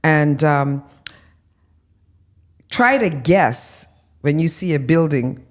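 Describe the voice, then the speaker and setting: A woman, a guest in an interview, telling lively stories with many ums and restarts and acting out what people said. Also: sits low, slow. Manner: animated storyteller, acts out quoted voices. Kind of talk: conversational interview.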